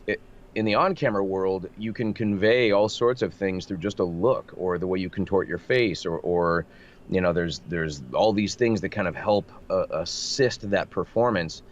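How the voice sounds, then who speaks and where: A man who works as a voice actor, chatting animatedly in an interview, with a slightly nasal voice and lots of restarts. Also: lowish voice. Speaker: voice actor guest. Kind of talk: casual interview chat. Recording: dull lo-fi remote audio with faint noise.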